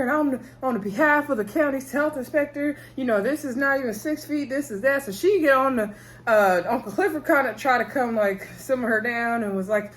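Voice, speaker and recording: A woman's voice: a little high, normal speed. A woman casually recapping a TV episode, animatedly acting out the characters' lines as she retells the scenes.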